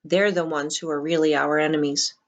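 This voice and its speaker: A woman reads the part of a small boy under a spell, speaking with a cold, bland calm. His words come slowly and reasonably, never rising to anger. It sits a little low for a child. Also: lo-fi sound. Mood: eerily calm. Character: boy, the young protagonist's hypnotized little brother, cold and eerily calm.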